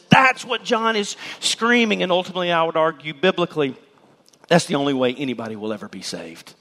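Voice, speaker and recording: A man preaching a sermon as pastor, emphatic, shouting key words and mimicking people's voices, in a church sanctuary. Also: high voice, normal speed, in a large hall.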